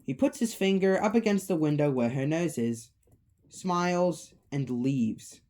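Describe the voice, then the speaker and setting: Slow, mellow woman telling a story. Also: sits low. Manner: relaxed, offhand retelling. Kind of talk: casual storytelling.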